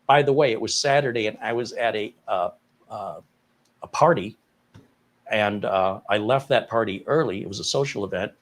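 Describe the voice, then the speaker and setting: A man, co-host of a live tech stream, telling a client story in a casual, animated and incredulous way. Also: fairly low pitch, moderate pace. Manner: animated, incredulous retelling with laughs.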